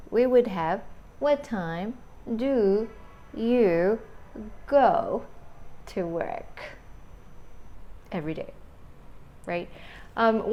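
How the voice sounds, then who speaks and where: A woman teaching an English grammar lesson, explaining slowly step by step and checking in with "right?". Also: mid-range voice, a little mellow. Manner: slow, deliberate explaining with frequent "right?" checks.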